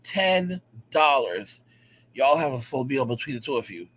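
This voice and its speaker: A man's voice: mid-range voice, big pitch swings, a little slow, a bit bright. A man ranting casually and profanely to his viewers, rambling and repeating himself, often checking in with "all right?". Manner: profane, rambling, repetitive and emphatic. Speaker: vlogger. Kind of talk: casual rant to camera.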